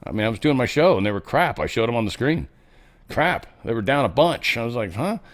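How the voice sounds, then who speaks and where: Animated sarcastic male commentary host. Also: medium pitch, brisk. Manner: animated, sarcastic, swings between loud and muttered asides. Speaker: host of a political commentary show. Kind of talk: casual solo commentary.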